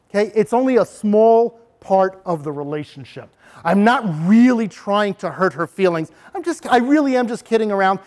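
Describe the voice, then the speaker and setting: A middle-aged man presenting an anti-bullying workshop to parents, animated and acting out scenes. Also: high-pitched. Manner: animated, acts out scenes for the audience.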